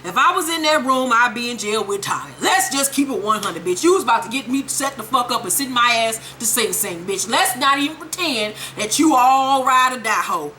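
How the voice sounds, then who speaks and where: A woman's voice: fairly high pitch, lively intonation, a little fast, hardly any pauses, pushed and bright, a little hiss or hum. A woman voicing a scheming, cocky man who taunts a rival with smug, profane jabs. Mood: taunting.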